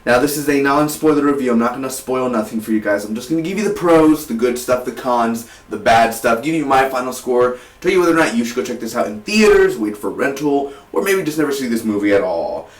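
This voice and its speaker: A man's voice: medium pitch, brisk, few pauses, distant mic. Teen man, casual rambling reviewer; roomy, off-mic recording. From South Texas. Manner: energetic, rambling, frequent restarts. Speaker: movie reviewer. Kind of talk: casual movie review vlog. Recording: roomy, voice set back from the mic.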